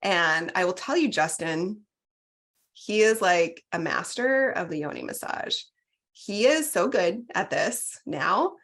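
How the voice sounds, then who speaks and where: A woman's voice: mid-range voice, big pitch swings, a little slow, fairly bright tone. A woman in her forties, a podcast guest, telling a candid personal story in an effusive, chatty way. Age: 40s. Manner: chatty and effusive, heavy on "like" and "you guys". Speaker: retreat participant, podcast guest.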